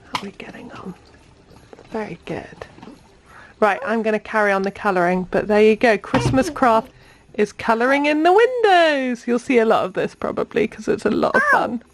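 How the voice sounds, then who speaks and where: A woman's voice: a little high, very animated, a little fast, noisy background. A young mother filming a casual home vlog, chatting to camera and coaxing her toddler in a sing-song voice. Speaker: vlogger and mum.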